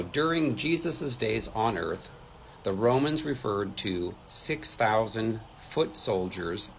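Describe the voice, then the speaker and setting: A man's voice: lowish voice, creaky, a bit bright, a little hiss or hum, rough recording. A man teaching from the Bible like a sermon, reading passages aloud and adding his own asides. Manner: reads scripture aloud with asides, some hesitant fillers. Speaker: deliverance minister.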